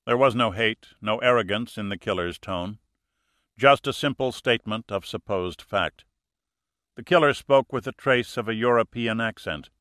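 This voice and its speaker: A man narrating a thriller audiobook in a steady, measured way. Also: on the low side, no echo, clean studio sound.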